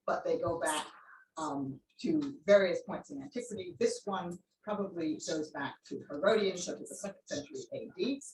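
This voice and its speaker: Her voice is fairly low, and the recording has a little hiss or hum. She sounds a bit distant in an echoey room while lecturing at an academic seminar, explaining with lots of ums and taking questions from attendees.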